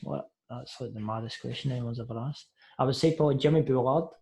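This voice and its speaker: A man's voice: medium pitch, fast, creaky, mellow. A young man with a Scottish accent, chatting as a podcast guest over a video call in a laid-back, hesitant way. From Scotland. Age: young adult. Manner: laid-back, hesitant, says mate a lot. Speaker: guest footballer.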